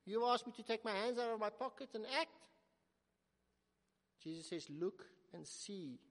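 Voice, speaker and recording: A man preaching a sermon in earnest tones, swelling to emphatic calls and sinking to soft, slow words. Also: high voice, animated. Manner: earnest, rising to emphatic then dropping to soft, slow quotes. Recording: long hall reverb.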